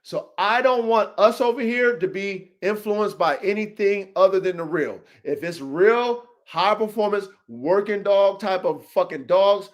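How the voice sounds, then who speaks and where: High-voiced man ranting profanely. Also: unhurried, hardly any pauses. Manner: profane, swings from low muttering to heated shouting; repeats and trails off into restarts. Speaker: podcast host and dog breeder. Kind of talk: rant to viewers.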